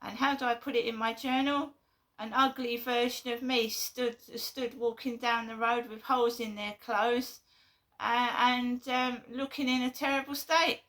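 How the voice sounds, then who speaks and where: Give me an indignant woman vlogging, higher voice, bright and sharp. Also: little pitch movement, unhurried. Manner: indignant, rambling, many fillers. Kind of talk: casual vlog monologue.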